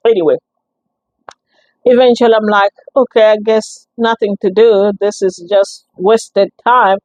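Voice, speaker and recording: A woman giving a personal testimony, telling her story in an animated, expressive way, with many restarts and acted-out exchanges. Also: medium pitch, moderate pace, no room sound, rough recording. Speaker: guest sharing a testimony.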